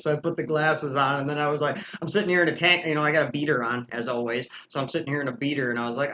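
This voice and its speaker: A man's voice: fairly high pitch, steady tone, rapid-fire, hardly any pauses, bright, forceful tone, dull audio. A man hosting a recovery live stream, chatting casually with joking, self-mocking asides. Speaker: host.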